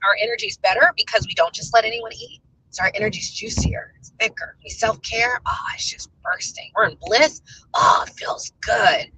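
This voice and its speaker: A woman's voice: medium pitch, bright, forceful tone, dull audio, a little hiss or hum. A woman in her thirties talking casually to her viewers, telling stories in a chatty way and laughing easily. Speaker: spiritual life coach vlogger.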